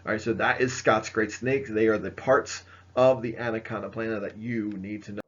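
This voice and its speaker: A man's voice: lowish voice, steady tone, moderate pace, muffled recording. A man giving a casual history lecture, full of fillers and asides as he points to slides. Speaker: history teacher. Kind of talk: recorded classroom lecture.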